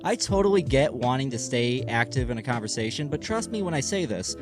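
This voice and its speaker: Male commentary YouTuber, sarcastic and salty, average pitch, music bed. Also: sing-song, brisk. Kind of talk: commentary voice-over.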